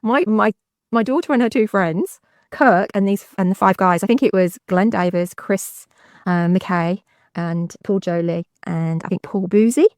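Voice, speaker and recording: A woman's voice: mid-range voice, measured pace, a little mellow, no room sound, clean studio sound. A middle-aged woman co-hosting a podcast. She chats casually and laughs often. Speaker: podcast co-host and event organiser.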